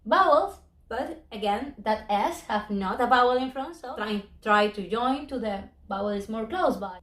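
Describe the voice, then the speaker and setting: A high-pitched woman teaches an online language lesson, breaking words into syllables slowly and carefully. Her voice rings out in a roomy, echoey space. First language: Spanish. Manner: slow, careful spelling out of syllables. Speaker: Spanish teacher.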